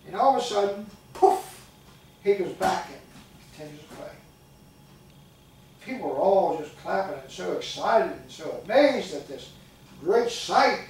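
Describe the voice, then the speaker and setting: Older gravelly preacher in an echoey church. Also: male voice, high-pitched, expressive, measured pace, pauses often, darkish tone, a little hiss or hum. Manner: folksy storytelling with call-outs to the congregation. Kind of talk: sermon. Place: church sanctuary. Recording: echoey church recording from far off.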